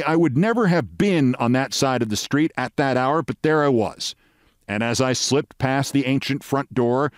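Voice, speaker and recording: A man's voice: medium pitch, dry recording. 60s guy hosting, spinning a story, dry studio sound. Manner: vivid storytelling, dramatic pauses. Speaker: host. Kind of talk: told personal story.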